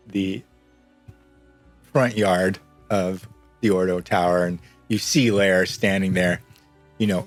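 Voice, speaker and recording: A man narrating as game master in a tabletop game, loose and rambling and often laughing. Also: fairly low pitch.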